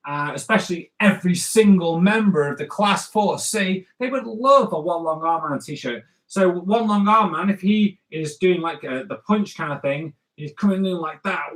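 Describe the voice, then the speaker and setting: A man's voice: fairly high pitch, a bit bright. A middle-aged man teaching kids to draw comics, chatting as he draws and checking in with "okay?" and "right?". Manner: chatty, talks while drawing, lots of "okay?" and "right?". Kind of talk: drawing lesson for kids. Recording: roomy echo.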